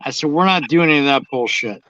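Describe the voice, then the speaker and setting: A man's voice: a little high, animated, quick pace, pushed and bright, dry recording, dull audio. Man, casual profane chat, blunt storyteller, dry close sound. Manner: blunt, swears constantly, drawling storyteller.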